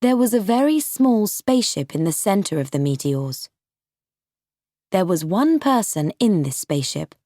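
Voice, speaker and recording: A woman narrating an audiobook for English learners, slow, clear and carefully paced. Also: mid-range voice, very animated, mellow, no echo, clean studio sound. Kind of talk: scripted narration of a graded reader.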